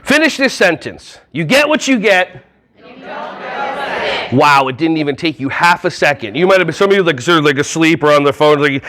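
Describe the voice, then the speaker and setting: A man giving a lively, jokey talk at a conference hall on a wireless mic, often acting out little voices. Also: a little high, moderate pace. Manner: playful, jokey, acts out voices. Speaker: conference speaker. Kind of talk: energetic live workshop talk.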